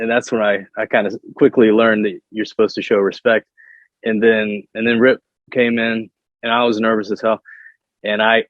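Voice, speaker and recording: A man's voice: medium pitch, no room sound, lo-fi sound. A man guest telling wrestling stories in casual chat, often stumbling and repeating words as he starts a sentence. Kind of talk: casual storytelling on a podcast.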